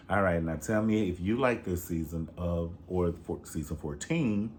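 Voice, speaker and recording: A man's voice: low-pitched, moderate pace, hardly any pauses, darkish tone, slight background noise. A man chatting casually and sassily, gossipy and profane, calling the viewer "honey". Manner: sassy, gossipy, profane, says "honey" a lot. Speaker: reality TV reviewer. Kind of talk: casual chat.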